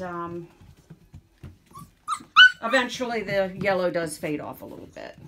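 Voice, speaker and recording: A woman dog breeder chatting casually while showing her puppies, slipping into baby talk with them. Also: deep voice. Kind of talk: casual vlog narration. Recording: background noise.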